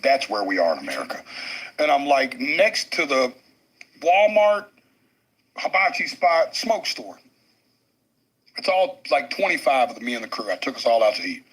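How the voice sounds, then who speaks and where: A man telling a story on a podcast, excitable and crude, laughing often. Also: medium pitch, moderate pace, long pauses, slightly rough, rough recording. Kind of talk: animated storytelling.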